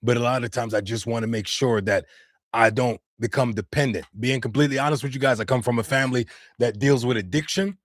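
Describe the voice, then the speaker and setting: A man's voice: medium pitch, quick pace, no room sound, studio quality. An American man and voice actor chatting casually on a live stream, answering viewer comments with loose slang. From United States. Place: home studio.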